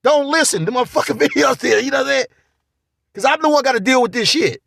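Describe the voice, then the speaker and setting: A man's voice: very high voice, fast talker, vocal fry, no echo, studio quality. A man vlogging a casual spiritual monologue, rambling and profane. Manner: profane, rambling, animated ranting.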